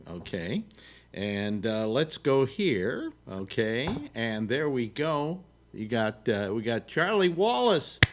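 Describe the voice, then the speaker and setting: A man's voice: medium pitch, big pitch swings, slow pace, noisy background. A man hosting a casual live call-in chat show from his home, rambling with lots of fillers and restarts, joking along the way. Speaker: host. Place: home studio in New York. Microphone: desktop mic, video call.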